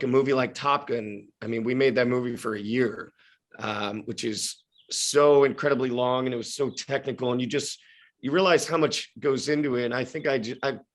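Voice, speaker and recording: A man in his thirties talks as a podcast guest in an easy, middle-pitched voice. He thinks aloud, circling back and restarting his sentences as he goes. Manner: reflective, halting, many restarts and hedges. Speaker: guest actor. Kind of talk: casual podcast interview.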